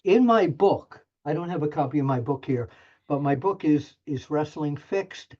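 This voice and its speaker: A man's voice: on the high side, animated, normal speed, a little mellow. An older man, a journalist guest, telling an anecdote in a chatty, self-deprecating way with plenty of restarts. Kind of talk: animated storytelling anecdote. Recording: muffled lo-fi audio.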